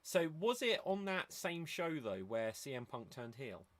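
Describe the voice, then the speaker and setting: A man's voice: medium pitch, sing-song, unhurried. A man hosting a casual podcast, steering the talk with questions and hesitant fillers. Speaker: podcast host.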